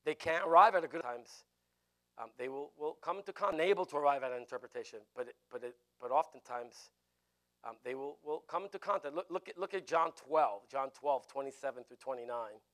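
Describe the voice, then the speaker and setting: A man's voice: medium pitch, animated, a little fast, a bit bright. A man preaching a sermon emphatically, repeating phrases and chuckling as he goes.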